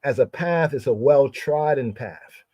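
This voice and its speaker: Slow, repetitive male scripture teacher. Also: mid-range voice, a little mellow, no echo. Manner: repeats words over and over, drawn out. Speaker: Bible study teacher. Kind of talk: live scripture study teaching.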